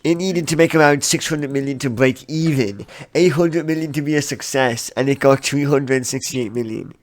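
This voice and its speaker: A man co-hosting a podcast, chatting casually about films. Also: mid-range voice. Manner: chatty, brisk, mock-imitates people. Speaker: podcast co-host. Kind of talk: casual film review chat.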